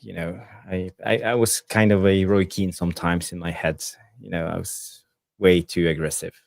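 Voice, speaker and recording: A man who is a former player, talking football in a calm, measured, agreeable way. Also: deep voice, gravelly, no room sound, studio quality. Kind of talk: casual football chat.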